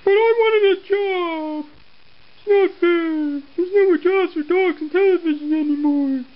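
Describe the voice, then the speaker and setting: Someone voicing a whiny high-pitched dog puppet. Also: fairly even intonation, normal speed, no echo, highs cut off. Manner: whining, complaining. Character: whiny male dog puppet, washed-up kids' TV star. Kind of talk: homemade puppet comedy.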